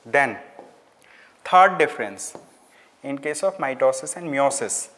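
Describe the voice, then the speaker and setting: A man with an Indian English accent teaching an online class, explaining slowly, repeating key words and slipping into Hindi phrases. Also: medium pitch, expressive, fairly bright tone. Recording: hall-like reverb.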